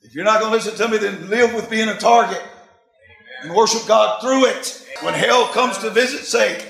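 A man in his sixties preaching, telling a story in an animated way and laughing often. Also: high voice, normal speed, gravelly, reverberant, low-quality recording. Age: 60s. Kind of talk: sermon storytelling.

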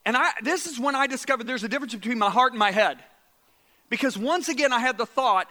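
High, bright-voiced man preaching. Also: quick pace, in a large hall. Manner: animated, repeats words, drops to hushed tones for quotes. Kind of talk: sermon storytelling.

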